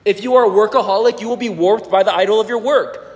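Male pastor with a high voice, conversational, quizzes the room; long hall reverb. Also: quick pace. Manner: conversational, asks the congregation questions. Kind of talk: sermon.

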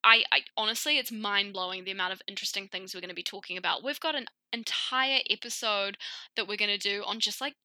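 A woman's voice: medium pitch, quick pace, no room sound, rough recording. A woman co-hosting a podcast, chatting casually, giggling, swearing and acting out her own past remarks. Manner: giggly, swearing, quotes herself in animated asides. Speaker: podcast co-host. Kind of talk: casual chat.

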